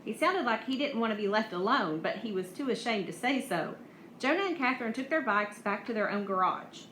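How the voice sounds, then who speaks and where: Bright-voiced woman reading a novel. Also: on the high side, a little fast. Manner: even, with small slips and restarts. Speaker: audiobook reader. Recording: echoey room, faint hiss.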